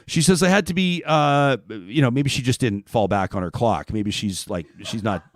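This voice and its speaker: A man's voice: a little high, dry recording, clean studio sound. A man from Canada hosting a casual talk show, reading listener comments aloud with a joking, chatty manner.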